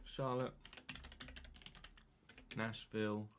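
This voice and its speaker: A man's voice: on the low side, level tone, drawn-out words, smooth. A man chatting casually on a live stream, muttering asides to himself and to chat.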